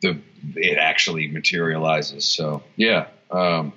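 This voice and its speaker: On the low side and sharp-toned, a male guitarist and songwriter speaks at a moderate pace during a casual interview. He wanders, restarts, fills pauses and swears freely; the audio is dull and lo-fi.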